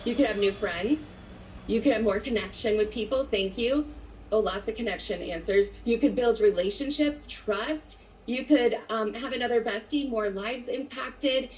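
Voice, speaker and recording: An upbeat, chatty woman in her thirties leads a live online coaching session. She keeps reading out answers from the chat and replying to them. Her voice sits a little high. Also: rough recording. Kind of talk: live webinar coaching talk.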